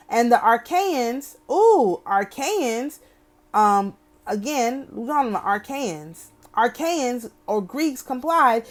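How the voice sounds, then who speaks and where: Slightly high-voiced woman reading aloud with asides. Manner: breaks off often to comment, asking "okay?"; wry and opinionated asides. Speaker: astrology channel host. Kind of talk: reading a text aloud with commentary.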